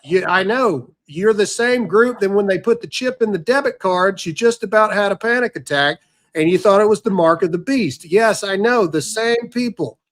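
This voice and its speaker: A man's voice: high voice, moderate pace. A man hosting a podcast, talking in a brash, sarcastic, ranting way, including an ad read. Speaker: podcast host. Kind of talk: casual commentary with ad read.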